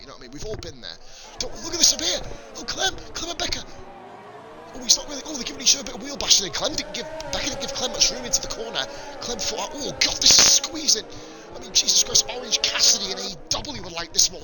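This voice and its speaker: A man giving live, sweary, excitable commentary on a sim-racing league, chatting with his viewers between calls. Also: sits high.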